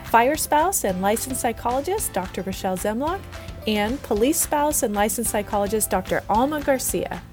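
A woman co-hosting a podcast from home in casual chat, animated, laughing easily and asking her co-host questions. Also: on the high side, normal speed, loud music behind the voice.

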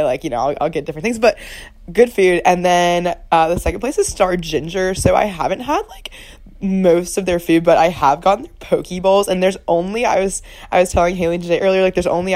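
Co-hosting a student podcast, a young woman chats casually, rambling and poking fun at herself. Her voice is fairly low and darkish in tone, with no echo.

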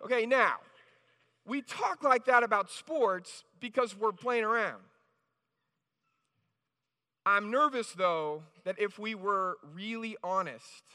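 A male pastor delivers a sermon in a loose, conversational style, with frequent restarts. His voice sits very high and bright. The reverberant church hall gives every phrase a long tail.

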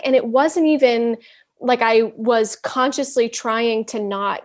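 A woman guest in a podcast interview, speaking in an earnest, candid way with halting restarts. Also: fairly high pitch, steady tone. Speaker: interview guest, wellness counselor. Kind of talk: casual interview chat.

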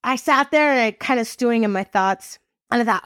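Lively higher-voiced woman telling a story. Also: a little fast, no room sound, studio quality. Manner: lively, expressive storyteller, casual and chatty. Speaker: podcast host. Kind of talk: faith-based storytelling talk.

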